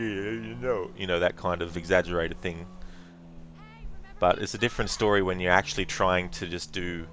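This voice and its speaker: Deep-voiced chatty let's play host. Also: male voice, fairly bright tone, a little hiss or hum. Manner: chatty, rambling, laughing asides. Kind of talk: casual gameplay commentary.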